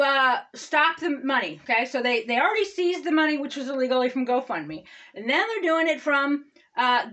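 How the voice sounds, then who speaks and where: Impassioned high-voiced woman preacher. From United States. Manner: impassioned, repetitive "okay?" asides, swings from loud to low. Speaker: all-faith pastor. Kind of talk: ranting sermon-style talk.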